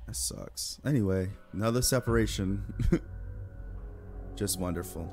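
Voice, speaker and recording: A man's voice: low voice, measured pace, a little mellow, faint music behind. A man giving casual gameplay commentary, sarcastic and swearing freely.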